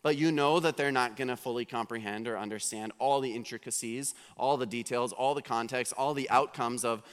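A man's voice: mid-range voice, steady tone, a little fast, few pauses, clean tone. A man preaching a sermon in a conversational, questioning way, stressing key words. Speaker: pastor. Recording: long reverb of a hall.

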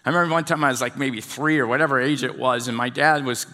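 A pastor preaches a conversational sermon in a church hall, putting questions to the congregation. His medium-pitched voice is fairly even and sharp, and he talks quickly. Long hall reverb trails his words.

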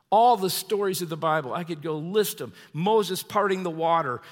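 A man's voice: sits high, normal speed. A man preaching a sermon, telling a funny personal story with chuckles before turning to scripture. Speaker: pastor. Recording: long hall reverb.

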